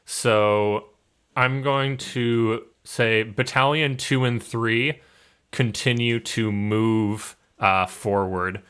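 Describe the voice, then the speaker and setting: A young man narrating as game master, describing scenes in a relaxed way with many fillers. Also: medium pitch, very slow, smooth.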